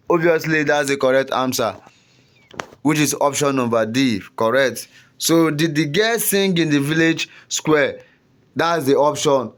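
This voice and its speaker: A man's voice: a little high, fairly bright tone. A young man tutoring exam students in a casual, repetitive way, often checking in with "you understand?".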